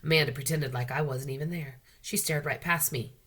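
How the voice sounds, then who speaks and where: A school librarian reading a children's novel aloud, her storytelling expressive and unhurried. Her voice is low-pitched for a woman but bright and forceful. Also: husky. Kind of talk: children's book read-aloud.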